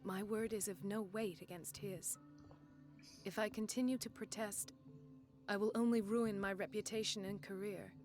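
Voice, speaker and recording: A woman's voice: mid-range voice, steady tone, normal speed, a little mellow, soft background music, close to an everyday voice. An actress playing a determined female doctor in video game dialogue, speaking in an earnest, firm way. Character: determined young female doctor, principled and blunt.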